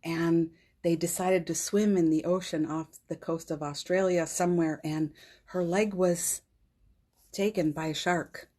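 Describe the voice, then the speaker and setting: Eine Frau mittleren Alters, die als Gastgeberin einer täglichen spirituellen Live-Sitzung gefühlvoll erzählt, oft den Tränen nahe und mit leisem Lachen. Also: female voice, lowish voice, steady tone, a little slow. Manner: emotional, often tearful, laughs softly between phrases. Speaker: host of a daily live spiritual session. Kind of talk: heartfelt spiritual storytelling. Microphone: phone livestream.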